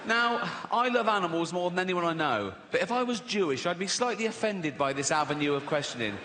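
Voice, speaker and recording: A man in his sixties with an English accent, doing a sardonic stand-up routine and acting out little voices. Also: sits high. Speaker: stand-up comedian. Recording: live arena reverb, faint noise.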